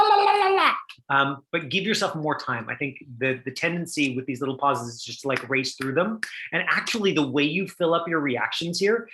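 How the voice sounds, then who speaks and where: A man's voice: a little high, sharp tone, rough recording. A middle-aged man teaching an online acting class, chatty and full of fillers, acting out line readings for his students.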